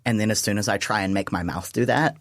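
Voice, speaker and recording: A man's voice: fairly low pitch, quick pace, a bit bright, dry recording. A man co-hosting a community radio show in a studio, chatting casually and feeling sleepy, laughing at himself. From New Zealand. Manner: laughs often, self-deprecating. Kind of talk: casual chat.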